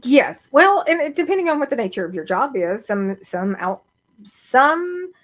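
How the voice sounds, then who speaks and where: A middle-aged woman co-hosting a live video podcast in a relaxed chat. She explains her points thoughtfully, pausing on fillers and restarting sentences as she goes. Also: medium pitch. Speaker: podcast co-host. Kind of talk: casual chat.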